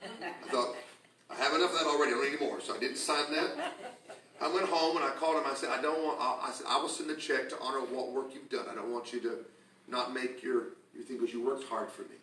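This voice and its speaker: A man preaching a sermon to a congregation, telling stories with laughter and rising to shouts. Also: mid-range voice, fairly even intonation, quick pace, slight background noise. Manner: storytelling, laughing, building to shouts. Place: church sanctuary with congregation. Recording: echoey church from a distance.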